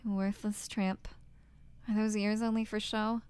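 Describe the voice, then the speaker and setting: A woman reading the lines of a cold, cruel husband from a game in a flat, contemptuous tone. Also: mid-range voice, measured pace, smooth, close to an everyday voice. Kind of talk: reading game dialogue aloud.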